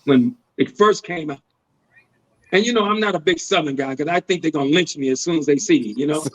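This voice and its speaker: A man, a guest actor, telling stories in a casual podcast chat, animated and laughing as he goes. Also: a little high, a little fast, low-quality recording.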